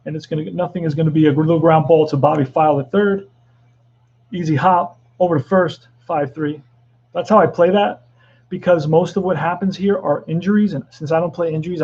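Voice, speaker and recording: A middle-aged man doing excitable play-by-play commentary of a tabletop baseball replay, with joking asides. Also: a little high, slightly rough, dull audio.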